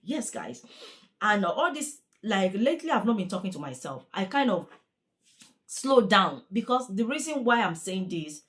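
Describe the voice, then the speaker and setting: A woman's voice: medium pitch, sing-song, normal speed. A young woman, a care worker talking in a chatty, earnest, repetitive way in a casual vlog. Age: young adult.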